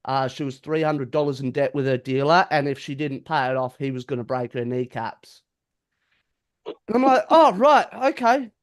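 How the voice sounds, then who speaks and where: A man's voice: medium pitch, moderate pace, clean tone. A man, a podcast co-host telling a story in casual chat, acting out the quotes and swearing freely.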